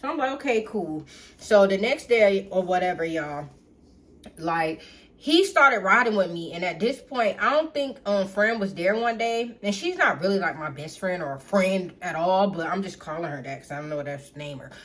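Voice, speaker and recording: A woman telling a personal story to her viewers in a casual storytime, chatty and blunt, calling out to them as y'all. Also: lowish voice. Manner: animated, reenacts others in quick asides. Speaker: storytime vlogger.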